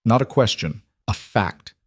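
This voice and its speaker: A man voicing a young woman seeking revenge, speaking with flat, restrained fury. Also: lowish voice, unhurried, breathy edge, dry recording, clean studio sound. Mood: furious.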